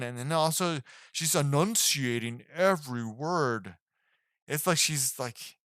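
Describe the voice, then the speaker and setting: A man's voice: medium pitch, fairly bright tone, no room sound, clean studio sound. A man giving a casual spoken film review, rambling and hesitant, with lots of fillers and restarts. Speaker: movie reviewer.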